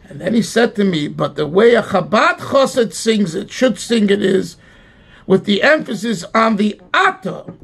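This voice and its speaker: A man preaching a sermon with rising passion and emphatic cries, phrasing his words slowly and deliberately. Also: high-pitched, lively intonation, creaky, a bit bright, slightly rough. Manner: impassioned, swelling to emphatic cries. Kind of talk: sermon with sung melody.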